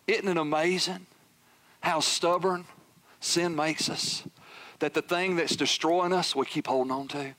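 A man preaching a sermon as pastor, swinging from loud emphatic peaks down to hushed, near-whispered lines. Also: sits high, measured pace.

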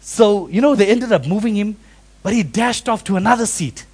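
A man preaching a sermon, animated and acting out quoted voices. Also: high voice, normal speed, slightly rough. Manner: animated, acts out quoted voices with big swings in loudness. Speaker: pastor.

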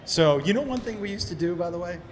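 Quick and animated, a high-voiced man from Massachusetts does stand-up crowd work at a comedy club, telling loose, profane, rambling stories into a handheld mic. The live recording carries long reverb and crowd ambience.

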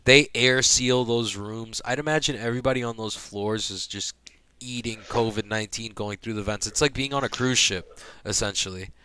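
A young man casually telling a hospital story, profane and animated, acting out the people he quotes. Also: fairly low pitch, moderate pace, clean tone.

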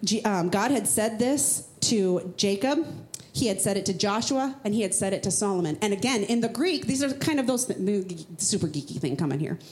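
Woman preaching, conversational sermon, emphatic, sudden high rhetorical questions, mid-pitched voice. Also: lively intonation, normal speed, hardly any pauses, a little mellow. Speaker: pastor. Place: church.

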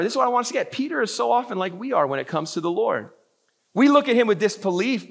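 Guy pastor with a pretty high voice, chatty animated sermon, does little voices for people in the story. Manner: conversational, animated, acts out quoted voices.

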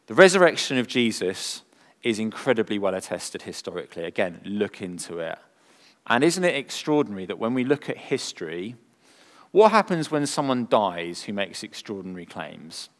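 A man preaching a sermon, earnest and full of rhetorical questions, moving from emphatic lines to hushed ones. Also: lowish voice, big pitch swings, moderate pace. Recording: long hall reverb.

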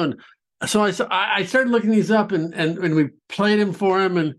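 A man talking casually on a podcast about his interviews, halting often and repeating words as he restarts sentences. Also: high-pitched.

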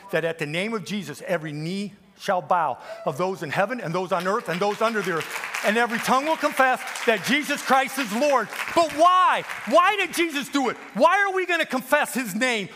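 A man preaching with a very high, bright, forceful voice. He fires rhetorical questions at the congregation and quotes scripture at length. His volume swings between loud calls and hushed, intense reading. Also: lively intonation, brisk, a faint crowd. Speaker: guest preacher. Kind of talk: sermon.

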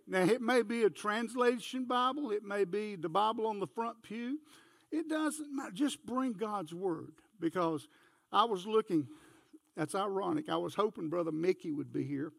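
An older man preaching in a church, his voice high and full of gravel. He spins homespun stories and talks directly to the congregation, and the recording is dry and close. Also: a little slow, fairly bright tone, no room sound. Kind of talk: folksy sermon with storytelling. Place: church sanctuary.

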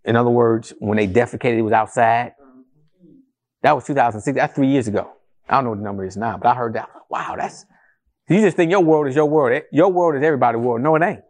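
A male pastor preaching a sermon to a congregation in a church, animated and conversational, with rhetorical questions and calls to the congregation. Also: medium pitch, fast. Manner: addresses the congregation as family, calls for responses.

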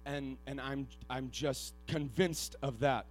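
A man preaching a sermon. He is earnest and self-deprecating, and he swings from hushed, halting storytelling to loud, shouted exhortation. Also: mid-range voice.

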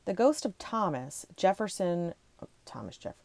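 A woman reads ghost stories to her viewers in a relaxed, chatty way. She rushes ahead, trips over words and stops to laugh at herself. Her voice sits low and mellow, recorded dry and close. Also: gravelly, dry recording. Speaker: ghost-story video host. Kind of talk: casual reading of ghost stories with asides.

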